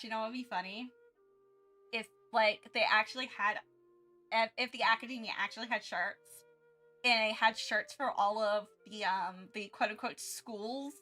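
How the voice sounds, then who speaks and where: A woman's voice: fairly high pitch, normal speed, pushed and bright, faint music behind. A woman streamer chatting casually during her art livestream, rambling with many restarts and frequent giggles.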